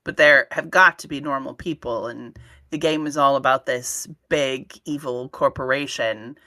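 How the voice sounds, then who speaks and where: Woman, podcast cast member, casual chat, very low pitch, bright tense tone. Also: fairly even intonation, moderate pace. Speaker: podcast co-host asking questions.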